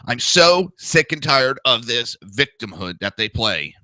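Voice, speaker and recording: A man's voice: medium pitch, sing-song, a little slow, few pauses, pushed and bright, no echo. A man with a New Jersey accent, hosting a political talk show and ranting in a blunt, crude, combative monologue. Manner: blunt, crude and combative, mocking with whiny impressions. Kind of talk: opinionated monologue.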